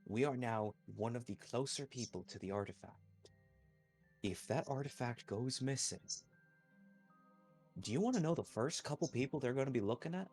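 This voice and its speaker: A man playing a tabletop role-playing game, arguing in character in a blunt, profane and forceful way. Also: mid-range voice, expressive, normal speed, breathy edge, soft background music.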